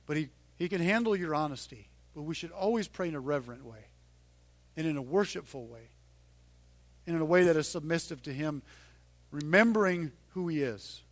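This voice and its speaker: A middle-aged man preaching a sermon in a conversational way, dropping to a hush and then rising loud and emphatic. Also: fairly high pitch, a little fast, no echo. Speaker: pastor.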